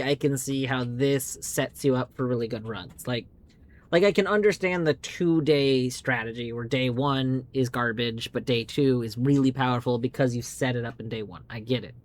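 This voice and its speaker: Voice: mid-range voice, a little slow. Chatty, swearing game streamer. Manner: chatty, rambling, swears casually. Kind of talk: live gameplay commentary.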